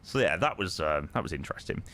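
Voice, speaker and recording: A man's voice: deep voice, lively intonation, quick pace, bright, forceful tone. A man chatting casually on a live stream, answering viewers with plenty of ums and friendly "mate"s. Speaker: live streamer flying a flight simulator.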